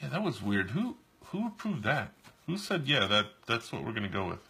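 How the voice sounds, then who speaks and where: This New Yorker co-hosts a stream and draws as he talks, casually wandering through stories that restart often. His mid-range voice is gravelly and sharp, very animated, and a little fast.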